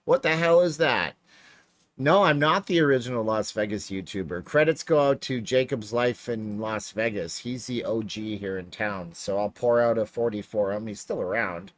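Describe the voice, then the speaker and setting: This livestream host has a fairly low voice at normal speed, with no echo on the recording. Playing slots in his home streaming room, he rambles and jokes in an animated, casual manner.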